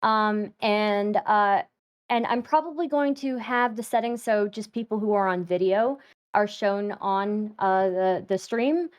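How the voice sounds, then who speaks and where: A woman's voice: mid-range voice, a little slow, clean tone. A woman organizing a live stream, thanking people and giving setup instructions with many hesitations. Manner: hesitant, many ums and restarts. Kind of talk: casual announcements on a live stream. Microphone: video call.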